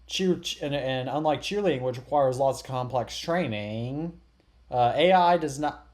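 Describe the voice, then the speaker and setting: A man's voice: mid-range voice, moderate pace, a little mellow. A teenage boy hosting a casual tech podcast, rambling with many restarts and dry sarcastic quips. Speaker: podcast host.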